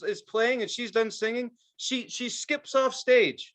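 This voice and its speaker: A man's voice: extremely high pitch, unhurried, fairly bright tone. Exasperated, foul-mouthed man ranting. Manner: profane, exasperated storytelling. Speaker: podcast co-host. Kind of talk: casual ranting chat.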